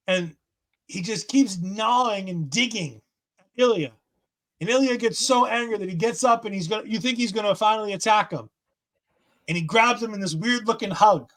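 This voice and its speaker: A man's voice: high-pitched, normal speed, a bit bright. A man hosting a podcast, recapping wrestling in an enthusiastic, chatty way. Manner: enthusiastic, acts out quotes in voices. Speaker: podcast host. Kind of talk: casual wrestling recap chat.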